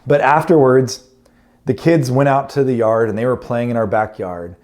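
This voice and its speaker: A man's voice: mid-range voice, steady tone, moderate pace, a little mellow. A man in his thirties, a pastor telling a family story in a sermon with humorous, self-deprecating asides.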